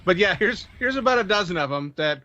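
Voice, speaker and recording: A man's voice: high voice, animated, brisk, pushed and bright. A man co-hosting a casual live stream and presenting news stories, talking emphatically and repeating his words. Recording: dull lo-fi dry mic.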